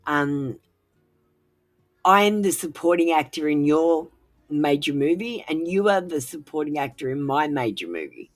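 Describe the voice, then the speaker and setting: A woman's voice: low-pitched, animated, unhurried. A woman giving frank, casual advice on a tarot livestream while feeling unwell, swearing freely and dropping in many fillers.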